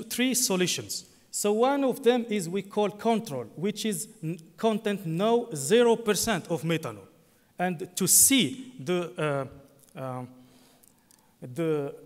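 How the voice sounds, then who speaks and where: High-voiced man presenting in an echoing hall. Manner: halting, frequent fillers and self-corrections. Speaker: conference presenter. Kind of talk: technical conference talk. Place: conference hall. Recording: long hall reverb.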